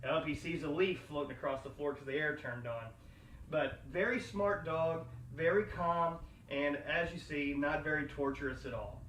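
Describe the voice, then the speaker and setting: A man training his dog indoors and explaining the method to the camera in a calm, explanatory way, recorded from a distance in a house. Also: fairly high pitch, slight background noise. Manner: calm, explanatory, praising a dog in a slow sing-song. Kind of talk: instructional video talk. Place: inside a house. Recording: echoey room, distant mic, faint ambience.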